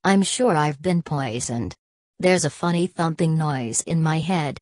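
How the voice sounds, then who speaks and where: A woman's voice: sits low, measured pace, a little mellow, no echo, clean studio sound. A woman voicing a fussy middle-aged father in an audiobook reading, speaking heartily. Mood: flustered.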